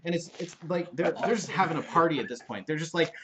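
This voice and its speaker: A man's voice: a little high, fast, heavy background noise. A young man running a tabletop game as dungeon master, narrating the scene loosely with many fillers.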